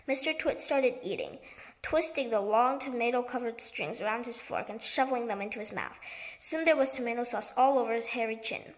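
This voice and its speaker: A woman's voice: sits high, a little fast, low-quality recording. A woman reading a children's book aloud, with small slips and restarts now and then. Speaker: reader.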